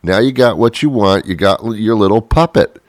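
Deep-voiced man ranting sarcastically. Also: moderate pace, dry recording, clean studio sound. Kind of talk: comedic monologue.

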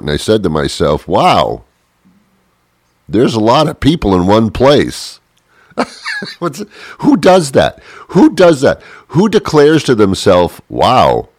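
Deep-voiced male host, rambling comic monologue, chuckly, dry close sound. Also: no room sound. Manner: chuckling, self-interrupting, animated impressions.

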